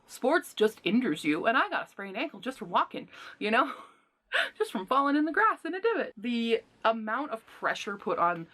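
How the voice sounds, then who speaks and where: A woman giving a casual book review, retelling plots in an animated, indignant rant with sighs and exasperated asides. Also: on the high side, normal speed.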